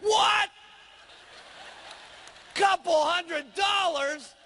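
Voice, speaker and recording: A man acting out a big, grumpy, beer-drinking mechanic husband, who shouts with scorn and indignation in a seminar story. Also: very high voice, big pitch swings, a little slow, vocal fry, husky, exaggerated voice. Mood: scornful shouting.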